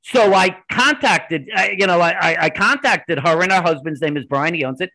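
A man being interviewed on a podcast, telling his stories animatedly in quick bursts with restarts. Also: high voice, bright, forceful tone, low-quality recording. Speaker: podcast guest. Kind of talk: conversational interview storytelling.

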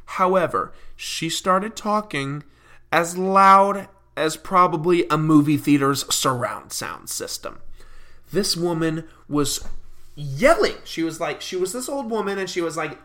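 A man's voice: a little high, measured pace. Young man ranting animatedly. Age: early 20s. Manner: animated ranting, laughing often. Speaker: podcast host. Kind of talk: casual podcast monologue.

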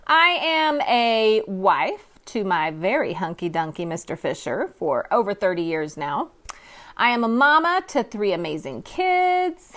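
A woman's voice: mid-range voice, very animated, moderate pace, fairly bright tone. A woman in her fifties from California, hosting her own podcast in a bubbly, candid, self-deprecating solo talk. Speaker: podcast host. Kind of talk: upbeat solo podcast monologue.

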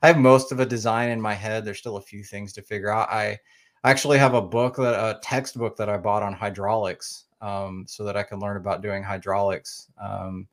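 A man's voice: fairly low pitch, steady tone, moderate pace. A man from Oklahoma with a slight Oklahoma accent, a podcast guest chatting casually and rambling with many fillers and restarts. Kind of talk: casual interview chat.

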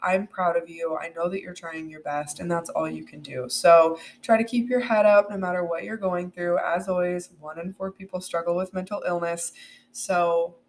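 A woman hosting a solo podcast, earnest and animated, with plenty of "like" and "um". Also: lowish voice, moderate pace, slight background noise. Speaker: podcast host.

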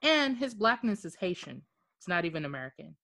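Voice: medium pitch, big pitch swings, brisk, gravelly, bright, forceful tone. A podcast co-host in casual chat, talking earnestly and rambling with many fillers.

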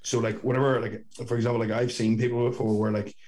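A man's voice: mid-range voice, little pitch movement, fast talker, darkish tone. A young Northern Irish man co-hosting a podcast over a video call, rambling and swearing in casual chat. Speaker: podcast co-host. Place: sister's bedroom at home.

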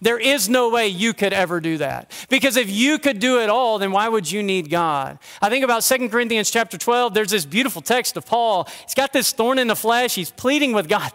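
A man preaching a sermon as a pastor, with a conversational, self-deprecating manner that turns quiet and earnest. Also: high voice, lively intonation, normal speed, in a large hall. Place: church sanctuary.

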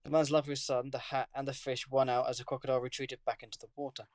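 A man, reading a news story aloud on a podcast in a plain, steady way. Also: mid-range voice, quick pace, dry recording, clean studio sound. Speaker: podcast co-host.

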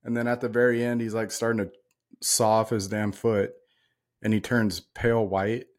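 A man's voice: fairly low pitch, flat delivery, moderate pace. A man co-hosting a casual movie podcast, talking bluntly and ranting with plenty of swearing. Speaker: podcast co-host. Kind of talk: casual chat.

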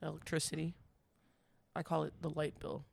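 A man co-hosting a podcast in casual chat, chatty and quick to laugh, with lots of fillers. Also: a little high, completely flat delivery, gravelly, no room sound. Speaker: podcast co-host.

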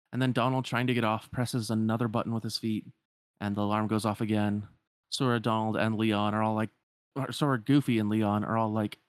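A man's voice: on the low side, little pitch movement, brisk, smooth, no room sound. A man casually retelling a story as a podcast host, with lots of filler words.

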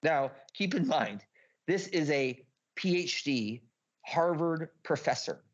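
A man telling a story as a podcast guest, rambling and excitable, swearing a lot and packing his talk with filler words. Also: a little high, slow, dull audio. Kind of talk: casual storytelling.

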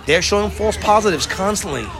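A man's voice: high-pitched, lively intonation, a little fast. A man in casual chat who swears a lot and acts out quotes while telling stories. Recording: crowd noise behind.

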